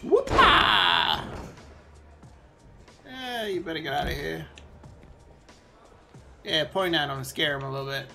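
A man giving loud, excitable commentary while playing a video game, swearing and yelling at the game. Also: a little high, moderate pace, vocal fry, long pauses, music in the background. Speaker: gaming streamer. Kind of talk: live gameplay commentary.

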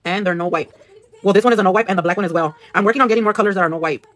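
A woman's voice: medium pitch, rapid-fire, no echo. Chatty woman livestreaming her nail work. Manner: chatty, swears casually, mixes in Spanish, reads viewer comments aloud. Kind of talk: casual livestream chat while working. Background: music playing.

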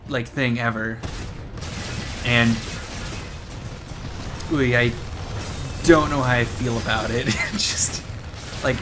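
A man's voice: mid-range voice, steady tone, slow pace, long pauses. A young man telling a story in casual, rambling gameplay commentary, swearing and laughing a lot. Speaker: gaming commentator. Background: game sounds and music.

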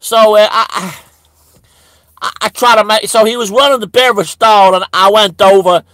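Speaking at a moderate pace, the man uses a high-pitched, fairly bright voice with rather even intonation and no echo. His satirical character, a bigoted, rambling churchgoing man, keeps stammering and restarting almost every line with repeated words.

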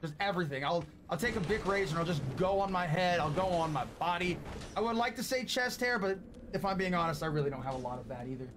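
A man in his late twenties, chatting casually and profanely with his live-stream audience while he plays a game, loud one moment and soft and thankful the next. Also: high voice, quick pace, background noise. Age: late 20s. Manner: excitable and profane, swinging between loud outbursts and soft thanks.

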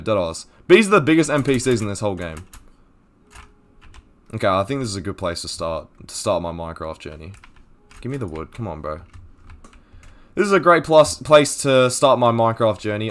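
A teenage male streamer giving live gaming commentary, loud, profane and excitable as he rants. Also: mid-range voice.

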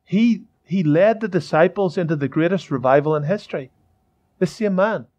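A man's voice: sits high, moderate pace, a little mellow, lo-fi sound. A male pastor preaching a sermon in church, fervent and repetitive, with many restarts.

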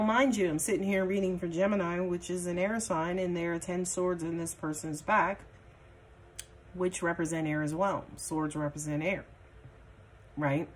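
Blunt, chatty woman tarot reader on the lower side of pitch; loose, casual delivery with profanity. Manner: chatty and blunt, swears casually, many fillers. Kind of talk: casual tarot reading monologue.

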